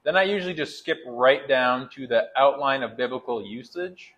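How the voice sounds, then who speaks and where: A man's voice: mid-range voice, expressive, moderate pace, a bit bright, highs cut off. A man teaching Bible study tools in a casual, rambling way, with many fillers and restarts. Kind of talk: casual screen tutorial.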